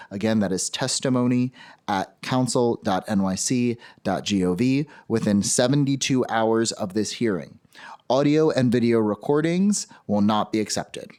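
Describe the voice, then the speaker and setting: A man's voice: mid-range voice, darkish tone. A man chairing a city council hearing, reading the rules for public testimony with a loose, joking aside.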